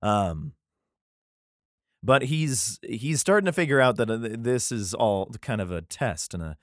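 A man's voice: medium pitch, animated, measured pace, no echo, studio quality. A man casually reading scripture aloud and commenting on it in an irreverent, profane, joking way. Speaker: reader and commentator.

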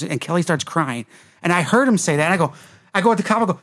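A man's voice: high-pitched, lively intonation, racing, a bit bright. A man from Detroit telling rambling, profane stories in casual chat and laughing as he goes. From Detroit, Michigan. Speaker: podcast co-host. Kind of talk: casual storytelling.

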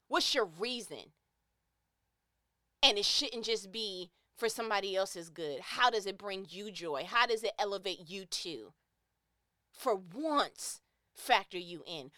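A woman's voice: medium pitch, lively intonation, measured pace, sharp tone, dry recording, studio quality. A woman giving an impassioned, preachy motivational monologue, emphatic and repeating phrases to drive her point home.

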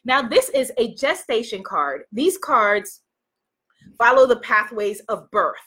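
A woman hosting a live stream, chatting warmly with viewers by name while reading oracle cards in an effusive, casual way. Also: on the high side, very animated, takes it slowly, husky.

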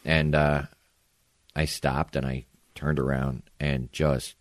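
A man with a very deep, low voice co-hosts a podcast and tells a story. He talks in a laid-back, blunt, matter-of-fact way. The recording is dry and close. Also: level tone, slow pace, no room sound. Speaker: podcast co-host. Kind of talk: casual storytelling chat.

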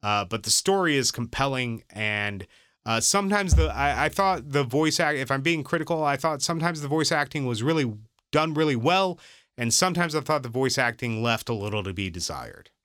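A man chatting casually as a podcast co-host, rambling through thoughts with plenty of fillers and restarts. His voice is bright and forward, recorded dry and close with no room sound. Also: medium pitch, animated, normal speed, smooth, dry recording. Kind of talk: casual chat.

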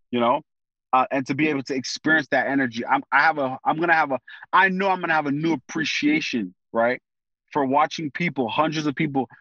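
A fairly high-voiced man talks as a guest in an easygoing conversation. He is animated and full of slang, and he thinks out loud as he goes. His voice comes through dry and a little dull, recorded close. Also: no room sound. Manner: thinks aloud with fillers and restarts. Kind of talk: casual conversation.

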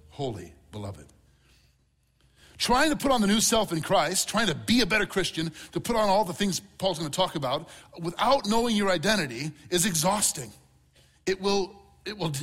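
A man's voice: a little high, a bit bright, slightly rough. A middle-aged man preaching a sermon as pastor, earnest and repeating key words for emphasis.

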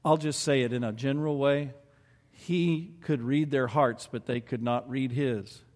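A man's voice: medium pitch, measured pace, a little mellow, long reverb tail. A man preaching a sermon and reading scripture aloud, earnest and building to emphatic peaks.

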